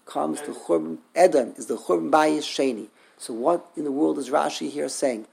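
A man's voice: a little high, normal speed, gravelly, darkish tone. A man teaching a text study class, thinking aloud, repeating words and asking rhetorical questions.

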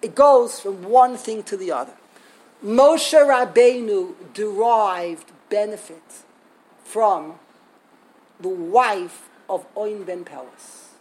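A woman giving a storytelling Torah lesson, animated, acting out quotes and laughing as she tells it. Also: medium pitch, slow pace, slightly rough, poor audio. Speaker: Torah teacher.

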